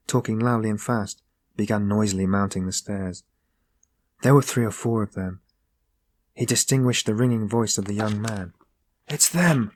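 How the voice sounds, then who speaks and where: A man narrating a classic novel as an audiobook, in a steady, measured reading. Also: fairly low pitch, dry recording. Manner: steady, measured reading that rises into voiced dialogue.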